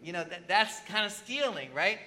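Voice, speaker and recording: A pastor preaching a conversational sermon in church, often asking the congregation questions. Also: male voice, high voice, animated, moderate pace, pushed and bright, slight background noise. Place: church with slides on a screen.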